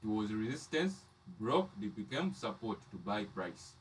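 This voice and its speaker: A man's voice: on the low side, big pitch swings, measured pace, far from the mic, slight background noise. A man teaching trading charts step by step, often repeating and restarting his phrases. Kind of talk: live chart lesson.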